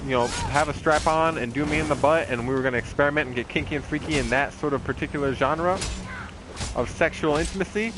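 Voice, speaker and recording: A man's voice: on the high side, noisy background. A man streaming a game, chatting in a rambling, profane way with lots of fillers. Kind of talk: casual chat while streaming a game.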